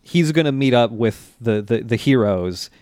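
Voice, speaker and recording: A man co-hosting a podcast in an easy, relaxed manner, laughing often. His voice sits mid-range, recorded dry and close with no room sound. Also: medium pitch, moderate pace, no echo. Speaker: podcast co-host. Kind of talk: casual chat recapping an anime.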